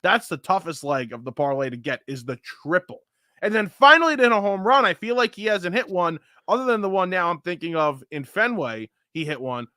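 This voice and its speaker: Guy talking baseball, bright and a bit high, dry close sound, joking around. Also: no echo. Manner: animated storytelling, joking. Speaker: podcast co-host. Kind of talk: casual sports chat.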